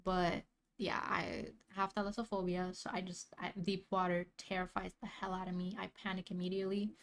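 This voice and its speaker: A woman's voice: lowish voice, flat delivery, normal speed. A young woman chatting casually as she reacts to a video, rambling in slang and laughing often.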